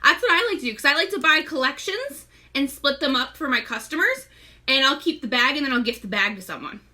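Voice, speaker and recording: A woman's voice: sits high, expressive, fairly quick, pushed and bright. A young pregnant woman hosting a casual live makeup tutorial, chatty, greeting viewers by name and often short of breath. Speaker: makeup seller and live-stream host.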